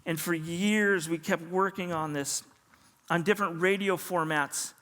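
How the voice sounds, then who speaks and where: A middle-aged male pastor tells a sermon story with a high, bright, forceful voice. He acts out the dialogue with lively energy, and his voice rings with long reverb through a large church hall. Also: a little slow.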